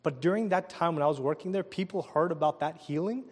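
A male pastor preaching a sermon, telling a personal story in an animated way and acting out the people in it. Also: a little high, fast, breathy edge, in a large hall. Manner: animated storytelling with laughs and quoted voices.

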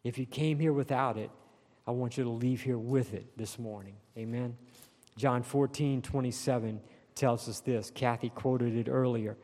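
A man's voice: mid-range voice, warm tone. Man preaching in an echoing hall. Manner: preaching with emphatic rises and slow stressed phrases. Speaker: pastor. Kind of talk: sermon. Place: church sanctuary. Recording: long reverb in a large hall.

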